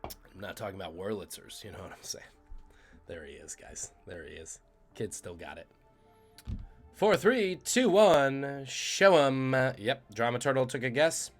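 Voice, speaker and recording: A man's voice: low voice, a little fast, husky, faint music behind. A man hosting a live trivia stream, joking and reading out the chat's guesses. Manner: jokey, punning, reads chat aloud. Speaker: trivia quiz host.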